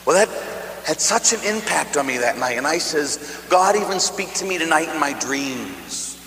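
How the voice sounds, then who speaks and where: A priest telling a lively story in a sermon, swinging from hushed tones to loud shouts, from Pittsburgh. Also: male voice, mid-range voice, a little hiss or hum. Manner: animated storyteller, voices jumping from hushed to shouting. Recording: echoey hall.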